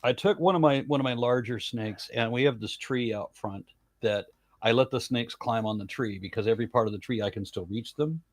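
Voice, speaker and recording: A man's voice: medium pitch, brisk, no room sound. A man co-hosting a casual podcast chat, telling rambling stories with restarts. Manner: rambling anecdotes with restarts and laughs. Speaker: podcast co-host.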